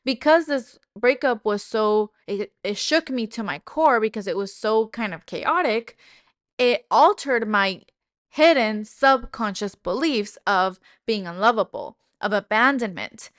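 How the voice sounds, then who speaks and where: A woman's voice: on the high side, expressive, a little slow, fairly bright tone, no echo, clean studio sound. A woman hosting a self-help podcast, speaking candidly and emotionally about her own experience, with casual swearing. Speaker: podcast host. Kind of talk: personal self-help monologue.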